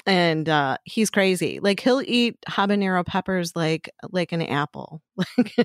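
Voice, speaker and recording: A woman's voice: on the low side, lively intonation, a little slow, no echo, clean studio sound. A middle-aged woman co-hosting a podcast in casual chat, chatty and crude, laughing often.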